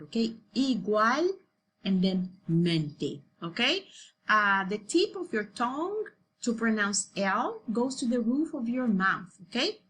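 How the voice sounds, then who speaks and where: A woman teaching a class in English, slowing down to model words and checking in with "okay?" after each point. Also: fairly high pitch, a bit bright, slight background noise. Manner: repeats "okay?" often, slows down to model pronunciation. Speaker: Spanish teacher. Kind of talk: recorded class lecture.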